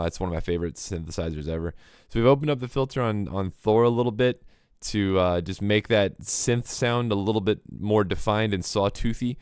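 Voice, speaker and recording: Low-voiced man teaching music on livestream. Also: darkish tone, smooth, dry recording, studio quality. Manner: explanatory, mimics hi-hat rhythms with clipped mouth sounds. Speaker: livestream host. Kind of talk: casual livestream music lesson.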